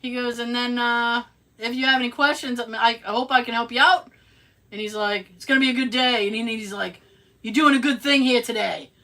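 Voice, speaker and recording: A woman's voice: on the high side, fairly quick. A woman co-hosting a podcast, telling a story in casual chat with sarcastic asides and acted-out quotes. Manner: animated, sarcastic, acts out quotes. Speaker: podcast co-host.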